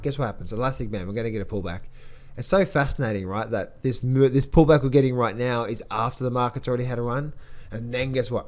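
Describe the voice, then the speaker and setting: A man's voice: medium pitch, darkish tone. A man giving casual market commentary as a trading educator, blunt and rambling, with many repeated words.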